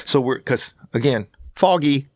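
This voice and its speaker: A man's voice: medium pitch, measured pace, dry recording. A man, co-hosting a podcast and telling a story in casual chat. He acts out the people he quotes. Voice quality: animated storyteller who acts out quoted voices. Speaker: podcast co-host.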